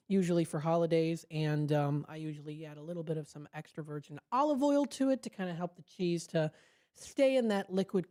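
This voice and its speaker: A woman's voice: deep voice, dark tone. A woman hosting a casual food segment on local radio, chatty and upbeat, laughing at her own jokes, speaking into a studio microphone.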